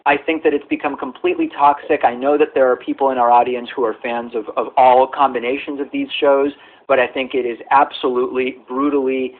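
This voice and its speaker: A man hosting a political show, speaking carefully and deliberately with hedges. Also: mid-range voice. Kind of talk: measured political commentary. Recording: phone-like narrow audio clip.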